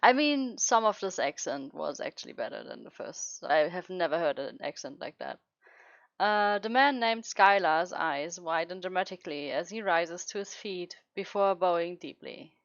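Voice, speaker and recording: A woman's voice: on the low side, lively intonation, moderate pace, dry recording, muffled recording. A woman streaming a romance game, reading the story aloud and chatting casually with frequent giggles and self-interruptions. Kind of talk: casual let's-play commentary and read-aloud.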